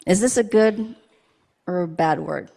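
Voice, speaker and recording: A woman's voice: fairly low pitch, measured pace, vocal fry, mellow. A woman in a church service telling a playful story to children, asking them questions as she goes. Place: church sanctuary.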